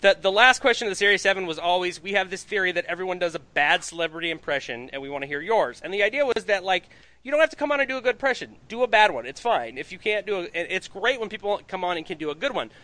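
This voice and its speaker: A man's voice: sits high, quick pace, sharp tone, no room sound. A man hosting a comedy podcast, rambling and joking in casual chat. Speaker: podcast host.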